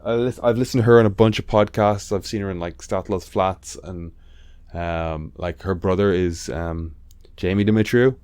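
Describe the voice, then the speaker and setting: Chatting casually as a podcast co-host, this man rambles, swears, and leans on plenty of fillers. He has a low, clear, resonant voice with a darkish tone, fairly even intonation, and a moderate pace, and there's no room sound.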